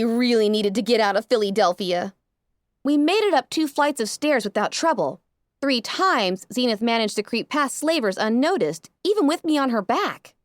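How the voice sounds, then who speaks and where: A woman narrating a first-person fan fiction story aloud with a dramatic, expressive delivery. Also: fairly high pitch, no echo, studio quality. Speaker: audiobook narrator.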